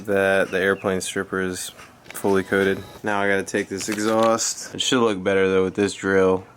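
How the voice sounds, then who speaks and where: A man's voice: sits low, flat delivery, moderate pace, a little hiss or hum. A man chatting casually in a slangy, laid-back way as he narrates a vlog from his garage workshop. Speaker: motorcycle vlogger.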